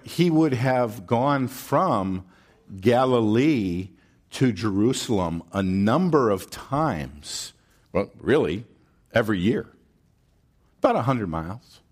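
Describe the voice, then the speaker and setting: A man's voice: mid-range voice, slightly rough. A man preaching a sermon, teaching from scripture with rhetorical questions and frequent check-ins with the congregation. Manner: animated preaching, slow and deliberate with drawn-out words. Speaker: pastor.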